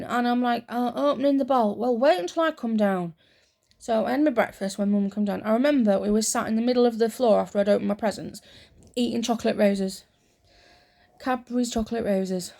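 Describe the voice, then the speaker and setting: A woman talking softly and rambling through stories in a soft-spoken ASMR chat, close to the mic. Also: mid-range voice, creaky. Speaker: ASMR creator.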